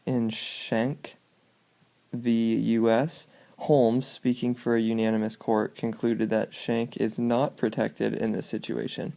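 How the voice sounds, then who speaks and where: A man's voice: mid-range voice, level tone, slow, creaky, warm tone. A man reading out short case summaries in a casual way and adding offhand jokey asides between them. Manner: reads formal summaries, then adds offhand jokey asides. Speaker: student presenter.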